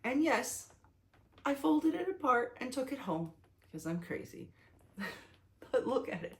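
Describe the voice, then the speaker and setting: Chatty excited woman vlogger. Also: high voice, measured pace. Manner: excited, chatty, gushing with many fillers and restarts. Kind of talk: casual talking-head vlog.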